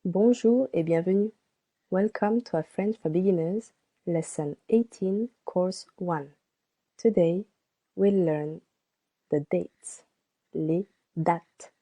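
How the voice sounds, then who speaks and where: A woman teaching a beginner French lesson, slowly spelling out and repeating each word for practice. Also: lowish voice, mellow. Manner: slow and deliberate, repeats words for practice. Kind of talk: slow scripted language lesson.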